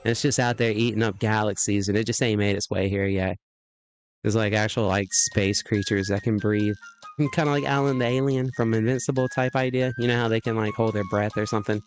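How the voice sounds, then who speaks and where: A low-voiced man rambles through a live game stream, drifting between jokes and idle musings. He chuckles and clears his throat often, speaking in a loose, casual way with faint music playing underneath. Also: fairly even intonation, fairly quick.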